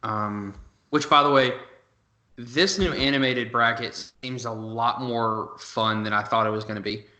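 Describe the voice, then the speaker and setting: A man co-hosting a gaming podcast, chatting casually in a relaxed, rambling way. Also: mid-range voice, measured pace. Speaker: podcast co-host. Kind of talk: casual chat. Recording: echoey room.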